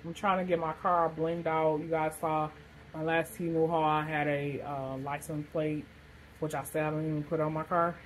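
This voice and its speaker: A woman's voice: low-pitched, flat delivery, normal speed, a little hiss or hum, poor audio. A woman casually chatting through a shopping haul, rambling with lots of fillers. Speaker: vlogger showing a shopping haul. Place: hot room with a fan blowing.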